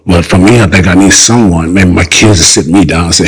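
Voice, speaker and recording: Older guy w a really low husky voice, rambly, keeps restarting and repeating stuff. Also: steady tone, brisk, hardly any pauses, poor audio. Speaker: guest. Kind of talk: casual interview talk.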